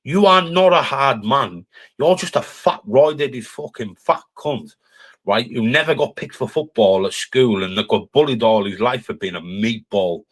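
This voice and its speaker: A man's voice: medium pitch, animated, moderate pace. Sweary, taunting Cumbrian man ranting. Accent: Cumbrian English. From Cumbria, England. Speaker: live streamer. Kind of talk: ranting live-stream roast.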